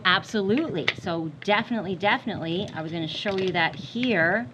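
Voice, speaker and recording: A woman's voice: mid-range voice, brisk. A woman math teacher giving a recorded lesson, repeating warnings emphatically in a playful way. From Canada. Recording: dull lo-fi sound with faint hiss.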